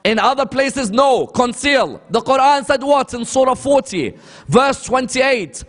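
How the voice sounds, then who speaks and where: A man's voice: very high voice, lively intonation, normal speed, fairly bright tone. A man giving a sermon lecture, telling a story and asking rhetorical questions that he then answers. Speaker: Islamic lecturer. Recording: long hall reverb.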